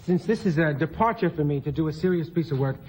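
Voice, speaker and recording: High-voiced man spinning comic anecdotes. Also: quick pace, slight background noise, poor audio. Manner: animated, laughing often, mimicking relatives. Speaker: talk show guest. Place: television studio.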